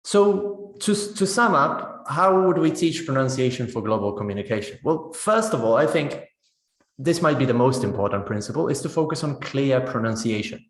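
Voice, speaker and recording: A man's voice: medium pitch, expressive, moderate pace. Man giving a chatty teaching webinar. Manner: conversational, often checks in with "right?". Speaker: teacher trainer. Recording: roomy echo.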